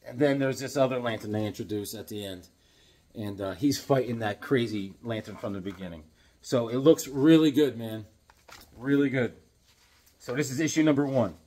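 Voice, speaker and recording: A man's voice: medium pitch, moderate pace, warm tone. A middle-aged man hosting a casual comic book review, rambling and often restarting his sentences. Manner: rambling, repeats and restarts himself. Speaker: comic book video host.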